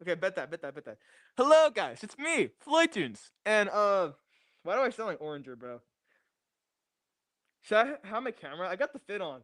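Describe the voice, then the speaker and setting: Setting up a fresh desk microphone in his home garage, a young man chats on a casual livestream, repeating phrases in a restless way. He speaks briskly in a high, sing-song, slightly bright voice broken by long pauses, captured in a dry, clean studio recording.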